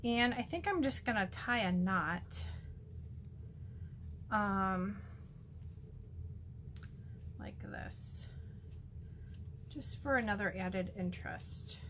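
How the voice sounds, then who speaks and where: A woman's voice: mid-range voice, animated, drawn-out words, long pauses, fairly bright tone, a little hiss or hum. A woman chatting through a casual card-making demo, gushing and full of ums. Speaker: stamping demonstrator.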